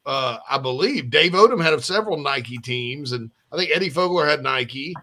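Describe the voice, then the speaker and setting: A man hosting a sports podcast, chatting casually in a rambling, animated way with frequent restarts. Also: mid-range voice, normal speed.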